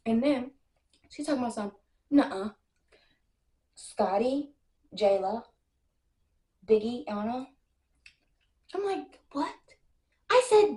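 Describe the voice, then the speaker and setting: A young woman telling a casual storytime, brash and animated, full of slang and profanity, acting out what others said. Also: on the high side, a little slow, long pauses. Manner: acts out other people's lines in quotes. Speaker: storytime vlogger. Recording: echoey room.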